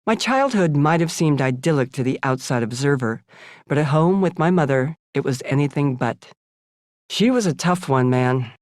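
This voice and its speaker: This audiobook features a US woman in her seventies reading her own life story into a studio mic, candid and wry. Her low, darkish voice has lively intonation and a moderate pace, recorded dry.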